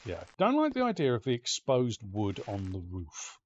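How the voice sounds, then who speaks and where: A man's voice: mid-range voice, huge pitch swings, moderate pace, darkish tone, a little hiss or hum. Ulster scots guy doing lets play commentary, bouncy up and down voice, muttery, bit muffled. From Northern Ireland. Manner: chatty, muttering to himself, swears casually. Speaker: game streamer. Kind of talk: casual let's-play commentary.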